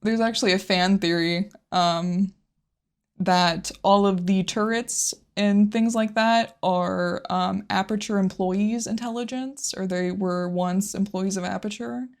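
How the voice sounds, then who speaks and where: A woman co-hosts a casual podcast, discussing a game thoughtfully, laughing often and letting her emotions show openly. Her voice is mid-range, with fairly even intonation and an unhurried pace.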